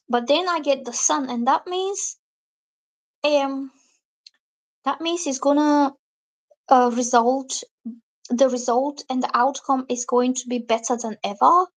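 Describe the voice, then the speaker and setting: A woman with a fairly high voice reads tarot on a live stream in a chatty way. She explains each card to her viewers and reads their comments aloud. Now and then she acts out the reactions a person might have. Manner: lively, acts out quoted reactions. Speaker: tarot reader.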